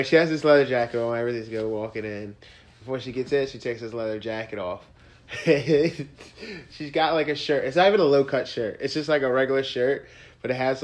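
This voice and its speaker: A young man co-hosting a casual podcast, telling an embarrassing story with lots of laughing, drifting between mumbled asides and loud outbursts. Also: mid-range voice. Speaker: podcast co-host.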